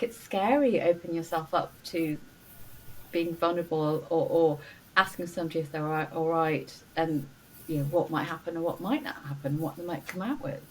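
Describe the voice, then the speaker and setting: A woman's voice: sits low, husky, recorded from a distance, low-quality recording. A middle-aged woman, a doctor and coach, talking earnestly and encouragingly as a podcast guest, with many "you know" fillers. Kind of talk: warm interview conversation. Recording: faint noise, voice a bit off-mic.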